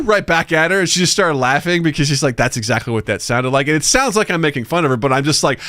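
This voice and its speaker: A man's voice: a little high, fast talker, no echo, clean studio sound. A man co-hosting a podcast in casual chat, telling stories and acting out voices, laughing often. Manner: animated storyteller, acts out voices, laughs often. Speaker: podcast co-host.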